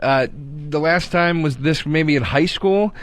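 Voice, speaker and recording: A man's voice: a little high, unhurried, clean tone, dry recording. A man in his thirties telling a profane comedy story on the radio, acting out what people said. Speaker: co-host comedian.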